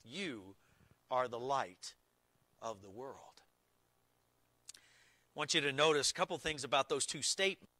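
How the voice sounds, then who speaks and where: A man preaching a sermon as pastor, slow and deliberate, stressing key words with emphatic repetition. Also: medium pitch, expressive, sharp tone, dry recording.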